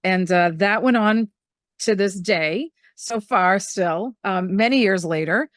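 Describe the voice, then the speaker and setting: A woman's voice: medium pitch, slow, no room sound, studio quality. Chatty middle-aged woman telling stories. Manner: chatty, animated, acts out quoted voices. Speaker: medium and spiritual teacher, podcast guest. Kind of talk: casual storytelling conversation.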